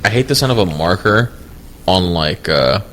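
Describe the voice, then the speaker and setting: Casting: young male podcast co-host, fairly low voice, rambling and profane. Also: animated, normal speed, a bit bright. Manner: rambling, profane, many restarts. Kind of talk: casual chat.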